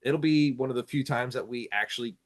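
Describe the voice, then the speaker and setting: A man's voice: mid-range voice, a little fast. A man hosting a podcast and chatting casually with friends, teasing them and laughing often. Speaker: podcast host. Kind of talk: casual chat.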